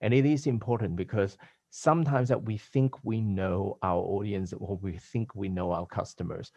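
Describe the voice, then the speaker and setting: Low-voiced man hosting over a dry call. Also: fairly even intonation, normal speed, vocal fry, a little mellow, no room sound. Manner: rambling, hesitant, many fillers and restarts. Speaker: podcast host. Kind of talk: casual podcast conversation. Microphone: video call.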